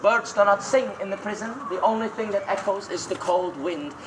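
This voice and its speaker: A man's voice: sits high, moderate pace. A man leading a ghost tour outdoors, telling dramatic stories in a jokey, teasing way and ordering the group about, recorded from within the crowd. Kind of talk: theatrical storytelling to a tour group. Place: outdoors in a graveyard on a city street. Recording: noisy outdoor recording with passing traffic.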